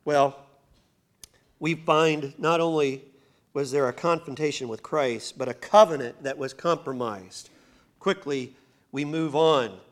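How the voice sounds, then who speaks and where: A man's voice: on the high side, a little slow. A male pastor preaching a sermon in a church, building to emphatic bursts and speaking straight to the congregation. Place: church sanctuary.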